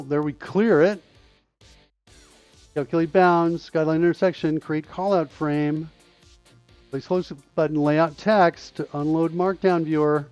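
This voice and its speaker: A man's voice: fairly high pitch, darkish tone, no room sound. A middle-aged man hosting a live-coding stream, thinking aloud and questioning himself as he steps through code. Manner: muttering, self-questioning walkthrough of code. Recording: dull, slightly lo-fi dry mic sound.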